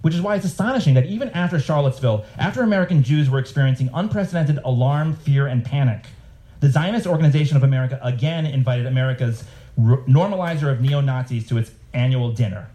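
A man's voice: mid-range voice, quick pace, mellow. A man, a cartoonist, giving a live reading of his comics with sarcastic asides and mocking voices.

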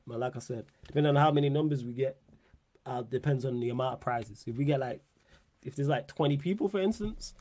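A man's voice: medium pitch, dry recording. Young guy hosting a live footy stream, loose slangy chat, dead dry mic. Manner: animated, laughing slang-heavy banter, repeats phrases. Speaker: podcast host.

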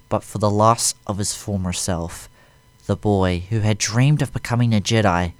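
A man narrating a fan story aloud in a steady, even way. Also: lowish voice, no echo.

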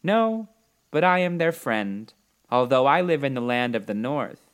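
A man voicing a small, kind old woman who is a good witch, speaking calmly and reassuringly in a storybook reading. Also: medium pitch, unhurried. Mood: kindly. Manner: calm, gently reassuring.

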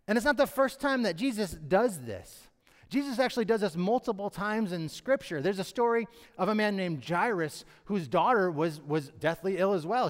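A man preaching a sermon who acts out the pleading voices of the characters in his story. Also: high voice. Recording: long hall reverb.

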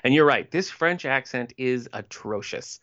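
A woman's voice: very deep voice, unhurried, dull audio. A woman co-hosting a podcast, chatting casually and wryly as she recaps a TV episode. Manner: chatty, wry, animated. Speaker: podcast co-host.

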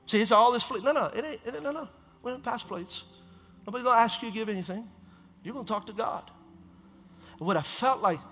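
A man preaching as a pastor, in an impassioned, repetitive style with quick self-corrections. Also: sits high, pushed and bright, long reverb tail. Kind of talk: sermon.

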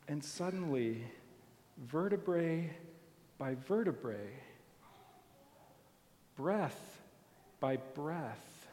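Slow, high-voiced male preacher. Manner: storytelling, soft and deliberate. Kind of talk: sermon. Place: church sanctuary. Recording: long hall reverb.

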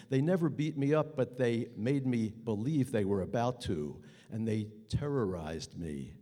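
A man telling a personal story live onstage at a story slam, earnest, with halting pauses that build tension. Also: mid-range voice, dark tone, in a large hall. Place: theater stage.

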